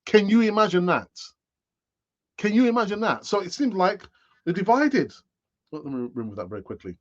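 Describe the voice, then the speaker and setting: Speaking in a high, very animated voice at a moderate pace, this late-fifties football fan channel host rambles through a casual live-stream chat full of sighs and asides. The recording has its highs cut off.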